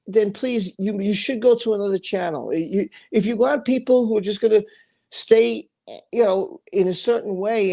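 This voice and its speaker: Man, livestream host, angry rant, warm dark tone, emphatic, repeats words. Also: high voice, creaky. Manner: emphatic and repetitive, stumbles over words.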